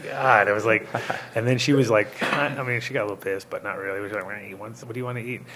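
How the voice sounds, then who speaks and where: A man's voice: on the low side, fairly even intonation, fast, crowd noise. A man from Rhode Island hosting a show, telling rambling, laughing stories in casual, swearing chat. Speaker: host.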